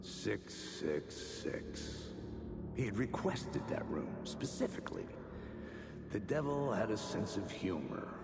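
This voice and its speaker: Brooding, gravelly game narrator. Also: male voice, on the low side, big pitch swings, takes it slowly, over loud music, full character voice. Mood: wry. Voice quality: dry, wry, gravelly. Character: wry, brooding male writer-detective narrator. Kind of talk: scripted inner-monologue narration. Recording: game audio under loud noise.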